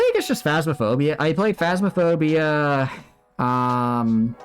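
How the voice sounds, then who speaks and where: Animated man chatting on stream. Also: medium pitch. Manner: animated, chatty, reacting to chat. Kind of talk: casual live-stream chat. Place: at home, building a model kit.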